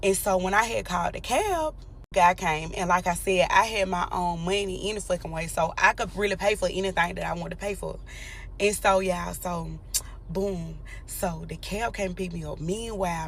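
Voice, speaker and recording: A woman's voice: mid-range voice, a bit bright, a little hiss or hum. A young woman with a drawl tells her story casually and bluntly to viewers. She curses freely and keeps pulling the listener in with direct address. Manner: blunt, profane, talks straight to viewers.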